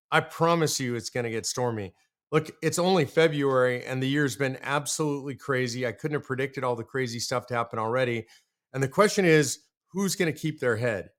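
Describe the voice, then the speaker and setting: A man from the United States hosting a political commentary monologue, talking earnestly and directly and repeating his points for emphasis. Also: mid-range voice. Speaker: show host.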